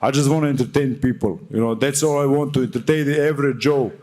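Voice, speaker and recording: A man's voice: medium pitch, quick pace, dark tone. A young man answering at a boxing press conference, fiery, defiant and full of swearing.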